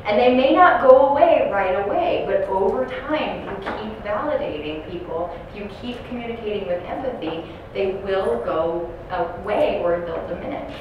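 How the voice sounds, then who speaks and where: Woman trainer, middle pitch, telling stories to caregivers, heard from afar in a roomy hall. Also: lively intonation, normal speed, hardly any pauses, dull audio. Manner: storytelling, asks the audience questions. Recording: echoey room from far off, noisy.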